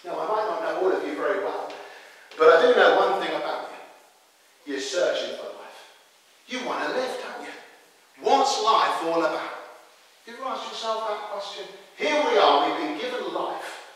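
A man with a fairly high voice delivers an emphatic sermon, putting questions to his listeners. He sounds distant from the mic, and his words ring through a large, echoey church hall with a long reverb tail. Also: animated, moderate pace, a bit bright. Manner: emphatic, asks the congregation questions. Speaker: preacher.

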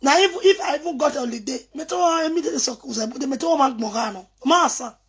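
A high-pitched woman with a Nigerian accent rambles through a video message. She talks in a teasing, excitable way and slides between pidgin and English. Her voice sits well above the usual range for a woman. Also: fast talker.

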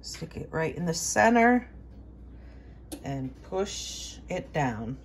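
A woman hosting a home preparedness channel, walking through a hands-on demonstration in a relaxed, chatty way, thinking aloud with fillers and restarts. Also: sits low, slow pace, a little hiss or hum. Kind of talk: casual how-to demonstration.

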